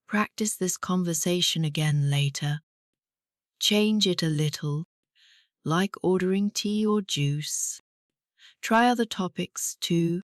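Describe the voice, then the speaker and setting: A woman teaches an English speaking lesson at a very slow, deliberate pace, with a slightly low voice. She sounds encouraging and leaves pauses for repetition, recorded as a close, dry voice-over. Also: no room sound.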